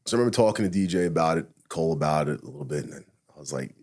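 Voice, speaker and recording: A retired police officer with a very deep, husky voice tells his story at a fast clip. He is blunt and profane. He acts out his own thoughts and lines as he goes. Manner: blunt, profane, animated retelling with acted-out inner quotes. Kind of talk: casual storytelling interview.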